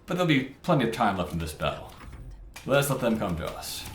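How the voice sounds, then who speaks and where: Playing a video game, a man casually comments as he goes, thinking aloud and muttering over his tactics in a let's-play style. His voice sits on the low side, brisk and sing-song, with a little hiss or hum. The mic sounds roomy, with game music behind him.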